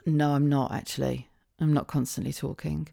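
A middle-aged woman hosting her own podcast, talking casually on her own, with quick asides, rhetorical questions and frequent laughs. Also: sits low, little pitch movement, gravelly, warm tone. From England (Wiltshire). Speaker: podcast host. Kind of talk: casual solo podcast monologue.

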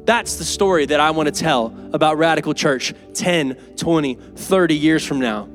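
A pastor preaching an earnest, emphatic and conversational sermon in a church. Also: male voice, fairly high pitch, normal speed, a bit bright, soft background music. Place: church sanctuary.

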